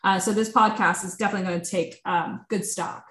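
A woman's voice: medium pitch, fairly quick. Woman doing a chatty tarot reading, lots of "like", roomy echo. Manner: chatty, animated, peppered with "like". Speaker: tarot reader.

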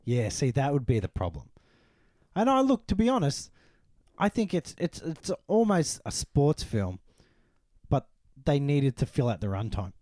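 Male co-host, casual film talk, animated and rambling, dry mic. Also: mid-range voice, measured pace, dry recording. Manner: animated, rambling, frequent "you know". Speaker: podcast co-host.

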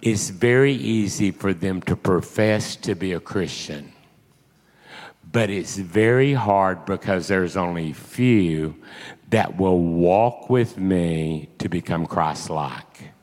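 A man speaking as God in a slow, solemn voice. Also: sits low, a little mellow, big-room sound, pitched below the performer's own voice.

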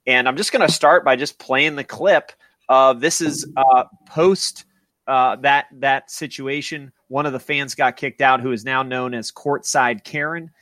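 A man's voice: mid-range voice, steady tone, a little slow, a bit bright, no room sound. A man hosting a podcast in casual, profane, rambling chat. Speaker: podcast host.

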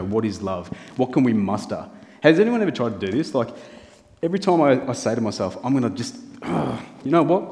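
A man's voice: fairly low pitch, darkish tone. A man preaching a sermon in a church hall, earnest and building his points through lists and rhetorical questions. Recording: long reverb of a large hall.

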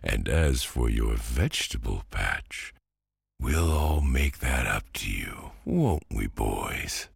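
A man's voice: very deep voice, big pitch swings, slow, creaky, breathy edge, dry recording, clean studio sound, heavily acted. A man voicing a cheery, bossy talking pumpkin in a storybook reading, speaking in a coaxing, persuasive way. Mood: reassuring.

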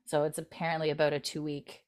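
A woman's voice: low voice, completely flat delivery, fast. A woman recapping a TV episode in casual chat, quoting characters in lightly put-on voices and giggling often. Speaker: recap host.

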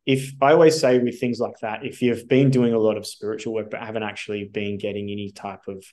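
An Australian man telling his story as a podcast guest, animated and casual, with lots of swearing and fillers. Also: fairly low pitch, brisk.

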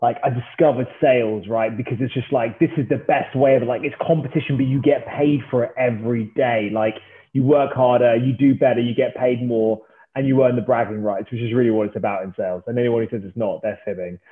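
A man's voice: medium pitch, fairly quick. Guy, 30s, chatty founder, jokes at his own expense, lots of likes and ums, phone-line tinny. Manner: animated, self-mocking, many fillers. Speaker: startup founder guest. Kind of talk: casual storytelling chat.

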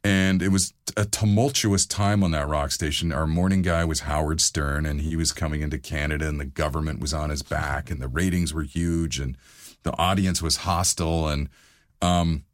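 Very deep-voiced man telling radio stories. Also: moderate pace, no echo, clean studio sound. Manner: animated anecdotes, acts out quotes with big pitch jumps. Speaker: interview guest, former radio DJ and voiceover artist. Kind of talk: casual storytelling interview.

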